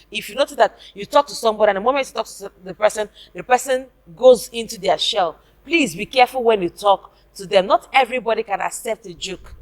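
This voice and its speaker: Female motivational speaker addressing camera, earnest and insistent, slightly high-pitched. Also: a bit bright. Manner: earnest, repetitive, addresses viewers directly.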